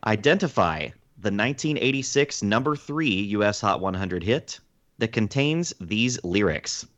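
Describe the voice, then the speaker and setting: A man reading out trivia questions on a podcast, measured and deliberate. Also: on the low side, lively intonation, fairly bright tone. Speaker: trivia quizmaster. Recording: dull lo-fi sound.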